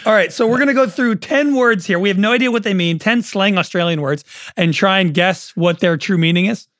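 A man's voice: high-pitched, brisk, a bit bright, no echo, studio quality. A man co-hosting a podcast in casual chat, wry and self-deprecating. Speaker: podcast co-host.

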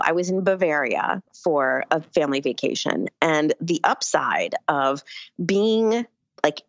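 A woman's voice: on the low side, no room sound, highs cut off. A woman guest talking in a candid, rambling way, her voice stuffy and congested from sinusitis. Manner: candid, rambling talk with many "like"s. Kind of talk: casual conversation.

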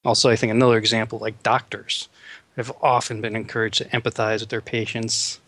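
A man's voice: lowish voice, level tone, fairly quick, a bit bright, no echo. A male neuroscientist explaining ideas as a guest in a casual interview, with many "you know" fillers.

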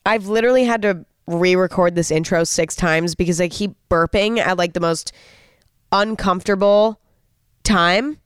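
Candid, chatty young woman with a smooth voice. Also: fairly low pitch, normal speed, dry recording, clean studio sound. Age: young adult. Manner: candid and chatty, swears freely. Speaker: podcast host. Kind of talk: casual solo podcast monologue.

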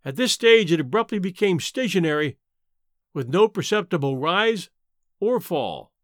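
A man reading an adventure story aloud as narrator, with an expressive, dramatic delivery on a close mic. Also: high voice, normal speed, no room sound. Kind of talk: scripted audiobook narration.

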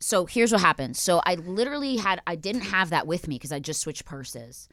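A woman hosting a podcast, telling animated, profane stories in casual chat. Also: lowish voice, moderate pace, no echo, clean studio sound. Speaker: podcast host.

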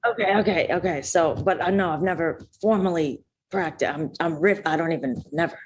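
A woman's voice: low voice, fairly quick, slight background noise. Chatty comedian woman from Minnesota. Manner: chatty, rambling with restarts. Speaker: comedian guest. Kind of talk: casual interview chat.

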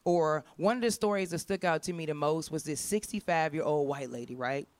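A woman's voice: low voice, brisk, a little mellow, dry recording. A woman doing stand-up comedy, brash and profane, laughing often at her own stories.

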